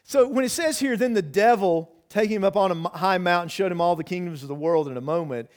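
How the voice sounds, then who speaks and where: Male pastor, higher-pitched voice, conversational sermon with many "you know"s and restarts. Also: fast talker. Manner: earnest, with frequent repeated words and restarts.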